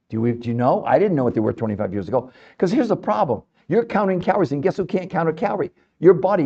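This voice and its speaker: Male podcast host, fired-up and emphatic, mellow darker tone, slightly dull lo-fi recording. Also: on the high side. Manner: animated, emphatic, fond of rhetorical questions. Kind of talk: impassioned health talk to an audience.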